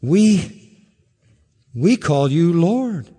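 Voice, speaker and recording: A man's voice: a little high, sing-song, very slow, dark tone, husky, exaggerated voice. A man voicing a crowd of false believers at judgment, protesting in indignant, pleading tones. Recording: reverberant hall.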